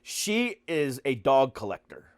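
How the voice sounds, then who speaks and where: A man's voice: medium pitch, wildly swooping pitch, a little slow, a little hiss or hum. A man hosting a podcast in casual chat, joking and rambling with many fillers. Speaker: podcast host.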